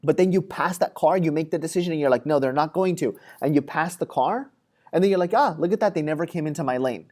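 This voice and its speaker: He's a psychology lecturer with a somewhat high, slightly mellow voice who talks fast. His lecture stays conversational and filler-heavy, with everyday scenarios acted out in quoted voices.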